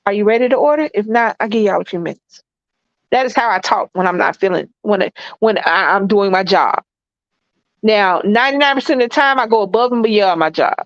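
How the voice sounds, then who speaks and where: A woman's voice: mid-range voice, a little fast, no echo, muffled recording. A woman with a Southern accent co-hosting a casual live stream, talking bluntly and emphatically, often repeating herself. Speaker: co-host.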